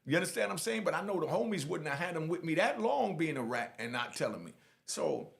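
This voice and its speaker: A man telling a first-person prison story in a casual, animated way, often checking in with the listener. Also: on the high side, fast, creaky. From Jamaica. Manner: animated, keeps saying "you know what I mean". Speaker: storyteller recounting prison life.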